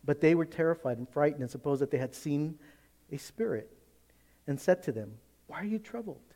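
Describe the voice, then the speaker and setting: Male pastor for a sermon, somewhat high voice, emphatic delivery that swings from quiet to excited. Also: fairly quick. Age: adult, teenage years long past.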